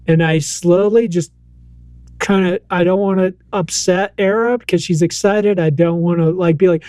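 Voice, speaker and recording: A man with a fairly high voice co-hosts a casual podcast chat, telling stories in an animated way and acting out what people said. The sound is dry and close, with no room around it. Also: a little slow, no room sound. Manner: animated storyteller, acts out quotes. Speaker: podcast co-host.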